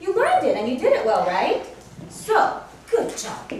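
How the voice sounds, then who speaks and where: A woman piano teacher speaking to children and parents at a recital, telling animated stories and acting out her students. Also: high voice, unhurried, a little hiss or hum. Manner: animated storytelling, acts out students. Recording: echoey room from far off.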